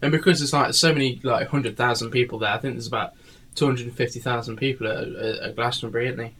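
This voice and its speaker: A man's voice: medium pitch, fairly even intonation, quick pace, a bit bright. A man, tired, telling a rambling story in a casual chat full of fillers and swearing.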